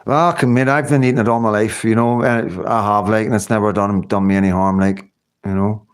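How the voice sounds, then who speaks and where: A man's voice: lowish voice, steady tone, brisk, clean tone. A man hosting a casual livestream, rambling through viewers' comments with lots of fillers and tag questions. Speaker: livestream host.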